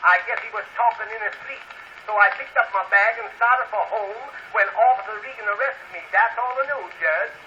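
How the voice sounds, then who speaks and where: A man's voice: high voice, fairly quick, pushed and bright. A man playing a sly defendant who spins innocent excuses about stolen chickens in a vaudeville comedy sketch. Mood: excusing. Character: sly, smooth-talking man accused of chicken theft. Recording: dull lo-fi cylinder with faint hiss.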